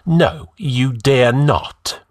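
A man's voice: fairly low pitch, lively intonation, unhurried, breathy edge, no room sound, clean studio sound, pitched above the performer's own voice. A man voicing an arrogant, scheming male outlaw who gives orders in a commanding, scornful way.

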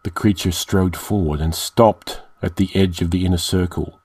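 A man narrating a dark fantasy story in a measured, dramatic reading. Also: low voice, steady tone, slightly rough, no room sound. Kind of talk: audiobook narration.

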